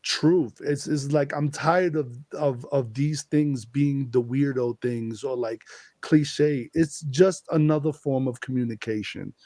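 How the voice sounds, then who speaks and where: Animated man telling his story, dry sound. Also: mid-range voice, a little slow, no echo. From Bronx, New York. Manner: lively, acts out his own past words with rising excitement. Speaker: guest, contactee and hip-hop artist.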